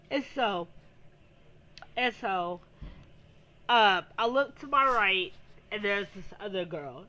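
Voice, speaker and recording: Woman, bright voice, casual storytime vlog, rambling, lots of filler words. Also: medium pitch, animated, slow pace, pauses often, highs cut off. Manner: rambling, heavy use of "like" fillers. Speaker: vlogger.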